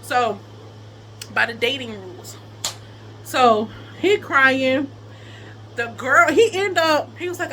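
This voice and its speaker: A young woman telling a personal story to her viewers in a casual, animated way, often laughing and quoting people. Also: high voice, slow pace, pauses often, a little hiss or hum.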